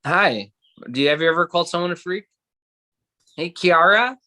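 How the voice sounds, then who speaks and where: A man's voice: sits high, moderate pace, pushed and bright. A man co-hosting a casual podcast, teasing playfully and slipping into silly voices. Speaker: podcast co-host. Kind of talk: casual chat.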